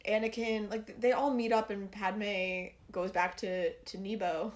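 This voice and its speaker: A woman's voice: medium pitch, a little slow. Chatty rambling woman cohosting a podcast, lots of likes and ums, phone audio. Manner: rambling, animated, filler-heavy. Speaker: podcast co-host. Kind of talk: casual chat.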